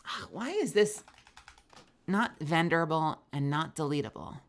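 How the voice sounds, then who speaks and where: A woman's voice: low voice, animated, measured pace. A young woman streaming a game live, chatting casually with her viewers while she plays, sleepy and yawning. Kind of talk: casual gaming chat.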